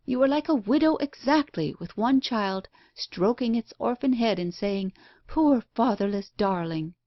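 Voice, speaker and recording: A woman voicing a brusque, blunt, impatient unmarried woman who talks in a sharp, scolding way. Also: a little high, expressive, measured pace, dry recording, lo-fi sound, pitched above the performer's own voice.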